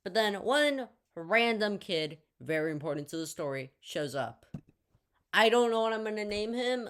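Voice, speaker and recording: A woman's voice: mid-range voice, expressive, normal speed, smooth. A young woman telling a casual storytime tale, rambling with lots of jokey asides and fillers.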